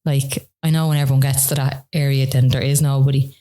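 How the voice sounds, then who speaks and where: An Irish woman telling her own story as a podcast interview guest, emotional and halting, with many "like" and "you know" fillers. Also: a bass voice, little pitch movement, mellow.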